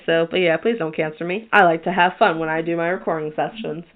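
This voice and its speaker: A woman's voice: fairly low pitch, steady tone, a little fast, hardly any pauses. A woman hosting a podcast in casual chat, reading from her notes. She is chatty and self-deprecating and stumbles over hard names. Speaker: podcast host. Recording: tinny phone-like sound.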